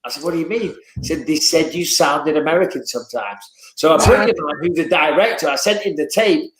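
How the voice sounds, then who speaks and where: A man from England with a Northern English accent, telling animated stories and swearing freely as a guest in casual chat. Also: on the high side, a little fast, echoey room, a crowd in the background, rough recording.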